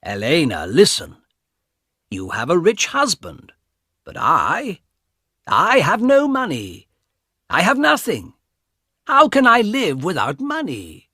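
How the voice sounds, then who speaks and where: A man's voice: high-pitched, wildly swooping pitch, slow pace, pauses often, pushed and bright, breathy edge, dry recording, studio quality, pitched above the performer's own voice, heavily acted. A man voicing a greedy young man who taunts his sister over money. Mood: taunting. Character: greedy, mocking young man, broke brother.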